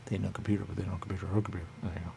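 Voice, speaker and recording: A man hosting a radio talk show, rambling on his own and repeating the same catchphrase over and over, sometimes acting out other people in a high voice. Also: little pitch movement, racing, creaky, mellow, a little hiss or hum. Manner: rambling, repeats "there you go" constantly.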